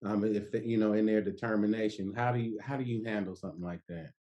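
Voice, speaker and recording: A man hosting a group talk, asking a question in a halting way as he searches for words. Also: on the low side, fairly even intonation, dark tone, muffled recording.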